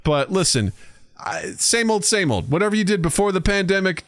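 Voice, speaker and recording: A man co-hosting a podcast in casual, joking chat, animated and quick to act out stories. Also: high voice, no echo, studio quality. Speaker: podcast co-host.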